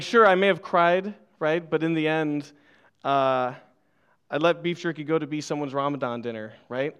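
Speaking on the high side in a clear, resonant tone, the young preacher shares a humorous childhood tale in church. He's playful and self-mocking, laughing a lot before he gets to the scripture.

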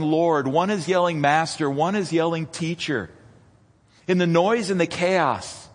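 A man preaching a sermon as pastor, dramatic and rising toward near-shouts when he retells scenes. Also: fairly high pitch. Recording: long reverb of a church hall.

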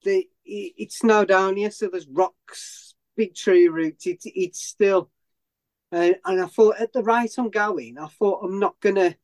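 A man's voice: sits high, takes it slowly. A man, a runner being interviewed, who tells a long story in a rambling way with many restarts and self-corrections. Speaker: ultrarunner guest.

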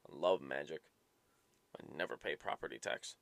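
A man's voice: a bass voice, normal speed, vocal fry, pauses often, no echo. A man hosting a solo podcast, rambling and swearing and drifting from topic to topic. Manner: profane, rambling, easily sidetracked. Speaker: podcast host.

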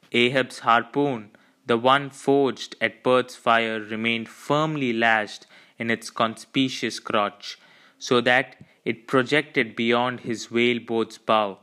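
A man narrating a classic novel in a measured, dramatic storytelling manner. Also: medium pitch, steady tone, bright, forceful tone, clean tone. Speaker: audiobook narrator. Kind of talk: scripted narration.

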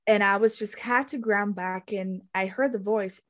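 A woman's voice: mid-range voice, normal speed. A woman co-hosting a casual spiritual podcast chat, talking emphatically and swearing often. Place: lives in the United States.

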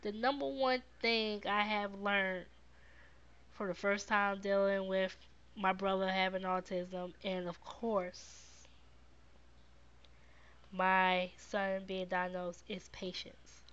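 Slow-talking encouraging woman podcast host. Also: mid-range voice, level tone, clear, resonant tone, lo-fi sound. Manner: warm, repetitive encouragement, reads viewer comments. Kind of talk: live-streamed casual talk to viewers.

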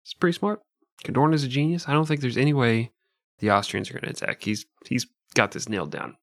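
A man's voice: medium pitch, lively intonation, fast, gravelly, fairly bright tone, dry recording, clean studio sound. A man co-hosting a comedy podcast, sarcastic and profane in casual banter. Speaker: podcast co-host.

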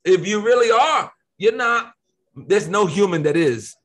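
A man's voice: high-pitched, lively intonation. A man co-hosting a faith discussion, teaching from the Bible in an emphatic, preacherly way. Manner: emphatic, preacherly, quick to stress points.

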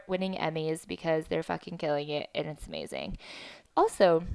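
A woman's voice: medium pitch, smooth, no echo. A young adult woman hosting a podcast, recapping reality TV in a chatty, profane style full of asides. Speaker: podcast host. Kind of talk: casual reality TV recap monologue.

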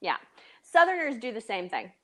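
A very animated woman from Tennessee co-hosts a podcast in a fairly high voice that sounds pushed and bright, at a moderate pace. Her light Southern accent colors a chatty conversation stuffed with "like" and "um."

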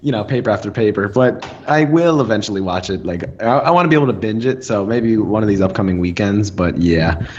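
A man's voice: on the low side, expressive, brisk, slight background noise. A young man co-hosting a podcast in casual chat, easygoing and heavy on fillers. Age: young adult. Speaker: podcast co-host. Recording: dull lo-fi sound.

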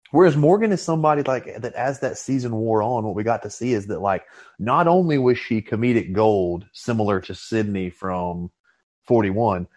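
A man hosting a casual podcast, talking in a relaxed way with fillers and restarts. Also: mid-range voice. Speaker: podcast host. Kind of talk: casual chat.

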